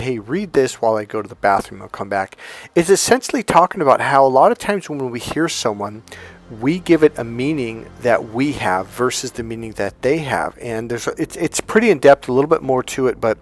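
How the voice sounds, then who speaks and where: Guy doing a relationship coaching talk, mid pitch, chatty, faint music under it. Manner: conversational, retells exchanges in quoted dialogue. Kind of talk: casual motivational talk to camera.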